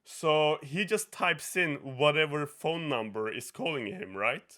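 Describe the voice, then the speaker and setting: A young man with a Norwegian accent, hosting a podcast and telling an animated story, swearing and laughing often as he acts out what people said. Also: on the high side, measured pace. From Norway. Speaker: podcast host. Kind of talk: casual chat, storytelling.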